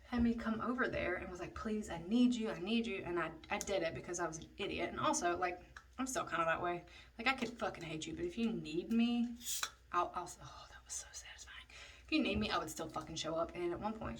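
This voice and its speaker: A woman's voice: on the low side, fairly bright tone. Profane chatty woman telling a story. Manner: chatty, profane, drops into whispers for asides. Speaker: vlogger. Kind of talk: casual storytime. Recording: slightly distant mic, faint noise.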